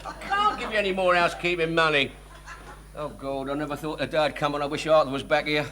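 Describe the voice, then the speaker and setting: An actor playing a cheeky, exasperated working-class bus driver, in a 1970s TV sitcom with audience laughter. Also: male voice, a little high, expressive, fast, pushed and bright. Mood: grumbling. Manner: wheedling, exasperated, stammering.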